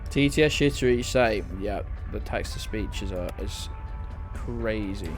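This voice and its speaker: A man's voice: fairly low pitch, a little slow, music in the background. A man streaming a game, chatting casually, swearing freely and answering his chat. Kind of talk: casual gameplay commentary.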